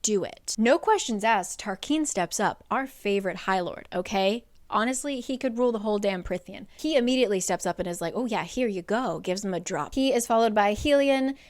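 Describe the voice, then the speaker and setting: A woman's voice: mid-range voice, expressive, fairly quick, few pauses. A woman giving a casual, chatty recap of a book's plot, peppered with "like" and the odd swear word. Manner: chatty, swearing, heavy use of "like". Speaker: book recap creator.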